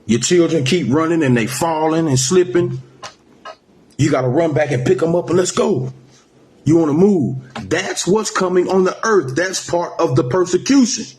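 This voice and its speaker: A man preaching a sermon, reading scripture slowly and then driving points home with repeated "man" and "right?". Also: on the high side, a little mellow, slight background noise. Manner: emphatic, ends phrases with "man" and "right?"; slows to a drawl when reading scripture. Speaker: street preacher.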